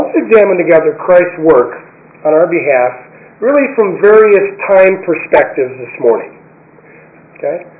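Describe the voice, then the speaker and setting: A man preaching a sermon, emphatic, repeating key phrases and slowing down to read scripture. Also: high voice, dull audio. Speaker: pastor.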